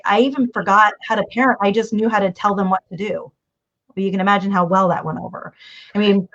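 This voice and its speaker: A middle-aged woman speaking as a guest communication coach in a conversational interview. She talks in an animated way and acts out family dialogue, with many restarts. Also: fairly low pitch. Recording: dull lo-fi audio.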